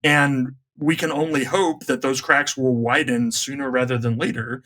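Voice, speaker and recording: A man appearing as a guest on a podcast, speaking in a reflective, measured way with occasional jokes. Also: medium pitch, steady tone, bright, forceful tone. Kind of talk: casual discussion.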